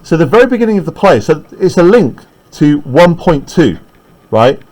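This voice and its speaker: A man's voice: fairly high pitch, sing-song, moderate pace, a little mellow, rough recording. A male teacher lecturing a class in a classroom, explaining step by step and often asking "right?" to check that students follow.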